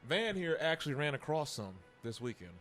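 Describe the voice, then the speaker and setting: A man's voice: a little high, sing-song, a little fast, fairly bright tone, soft background music. A man co-hosting a casual podcast chat, rambling and restarting his sentences, with loose slang. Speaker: podcast co-host.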